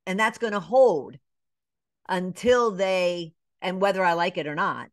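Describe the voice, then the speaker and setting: A middle-aged woman from Atlanta, a business coach, telling her story in a casual interview, with lively asides, many fillers and short bits acting out other voices. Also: on the low side, a little slow, no room sound, clean studio sound. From Atlanta, Georgia. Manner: animated storyteller, acts out quoted voices, many "you know" fillers. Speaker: business coach and podcast guest.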